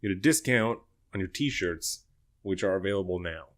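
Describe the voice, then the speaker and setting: A man with a low voice co-hosting a relaxed podcast. He talks bluntly and swears freely as he chats with the main host. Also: normal speed. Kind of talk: casual podcast chat.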